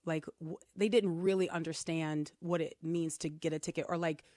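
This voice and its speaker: A woman's voice: low-pitched, moderate pace, dry recording, studio quality. A middle-aged woman co-hosting a casual chat, telling stories animatedly and acting out the people she quotes. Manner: animated storyteller, lively quoted voices. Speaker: co-host.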